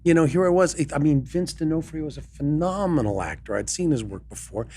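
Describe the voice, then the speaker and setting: A man's voice: a little high, expressive, brisk, mellow, slight background noise. Wry self-deprecating man, podcast guest. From Canada. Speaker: guest voice actor. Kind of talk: casual podcast chat.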